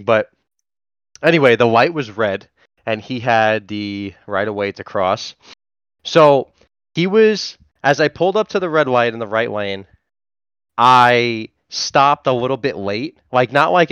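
A man co-hosting a podcast, telling a story in a casual, profane and animated way. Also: medium pitch, moderate pace, smooth, no room sound. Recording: dull, dry lo-fi sound.

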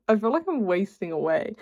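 A woman's voice: mid-range voice, darkish tone. A young woman hosting a solo podcast, rambling and exasperated, full of filler words. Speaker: podcast host. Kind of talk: casual solo chat.

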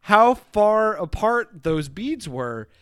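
Bright, animated man laughing through a podcast. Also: high voice, takes it slowly, smooth, no room sound. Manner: giggly, animated, laughs often. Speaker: podcast co-host. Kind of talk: casual chat recapping a movie.

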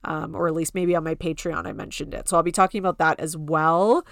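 A chatty woman hosts a podcast in a loose, gossipy way and fills her talk with "like". Her voice sits a little low. The sound is dry and close, with no room in it. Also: steady tone, a little fast, vocal fry, no room sound. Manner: chatty, lots of "like" fillers, mocking quotes. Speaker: podcast host. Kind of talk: casual gossip chat.

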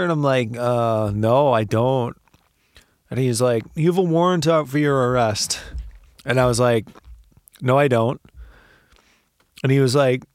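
A man's voice: mid-range voice, unhurried, pauses often, no room sound. A podcast host spins a story in a loose, profane way. He laughs often and acts out the voices of the people in it. The mic is close and dry.

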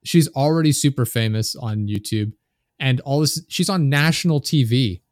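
A man's voice: mid-range voice, normal speed, no echo, studio quality. A man guesting on a podcast, chatting in a laid-back, matter-of-fact way with plenty of filler words. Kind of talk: casual podcast chat.

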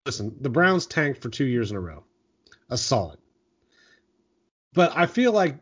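A man co-hosting a casual sports talk show, recapping and analyzing in a measured way. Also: on the high side. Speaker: podcast co-host. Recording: dull lo-fi sound.

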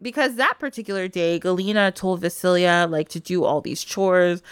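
A woman hosting a podcast, casually retelling a folk tale with a loose, animated delivery full of "like". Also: on the low side, moderate pace, smooth, no echo, studio quality. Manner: animated retelling with frequent laughs and "like". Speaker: podcast host. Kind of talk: casual storytelling chat.

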